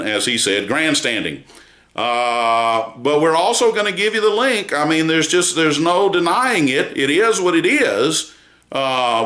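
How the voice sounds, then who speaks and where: Male news commentator, measured and emphatic with many fillers; bright voice in a roomy space. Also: mid-range voice. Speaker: news site founder giving a report.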